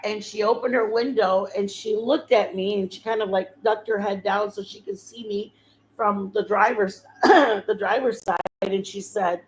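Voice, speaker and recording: Over slight background noise and poor audio, a woman hosting her channel speaks in a medium pitch with fairly even intonation and a moderate pace. She shares an emotional personal testimony, rambling and heartfelt, full of fillers and restarts.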